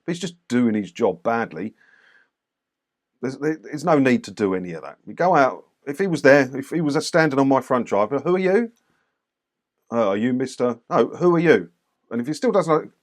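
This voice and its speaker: A man's voice: medium pitch, big pitch swings, a little fast. A man casually commenting on doorstep clips for his channel, blunt and mocking. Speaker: YouTube commentator reviewing clips.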